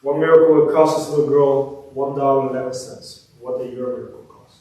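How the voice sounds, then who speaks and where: A man preaching a sermon, reading scripture and telling a story, rising with energy then dropping to quiet words. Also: medium pitch, fairly quick. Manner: animated, swells up then drops to soft near-whispers. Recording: echoey church room, distant mic.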